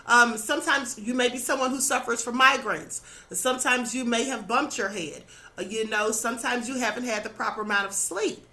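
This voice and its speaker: A channel host with a high, bright voice gives an instructive spiritual talk with fairly even intonation at a moderate pace. She sounds earnest and a little hoarse, as if losing her voice, and keeps adding "okay?" and "you know."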